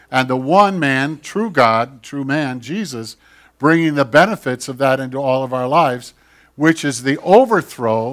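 A man preaching a sermon, swinging from loud emphatic lines to hushed, nearly whispered ones, acting out quoted voices as he goes. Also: on the high side. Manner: acts out God's voice and listeners' excuses in quotes. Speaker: pastor.

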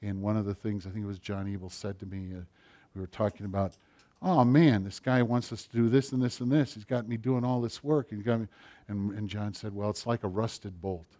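Man preaching with wide swings in loudness. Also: fairly low pitch, fairly even intonation, brisk. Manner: swings from loud preaching to near-whispered quiet passages. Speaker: pastor. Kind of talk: sermon.

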